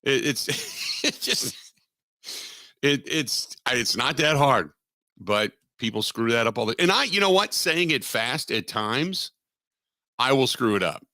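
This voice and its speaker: A man's voice: mid-range voice, animated, a little slow, bright, forceful tone, no room sound, studio quality. A man from Southwestern Ohio hosting a sports radio show, rambling in casual chat and repeating himself with self-deprecating asides. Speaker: radio sports talk host. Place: radio studio.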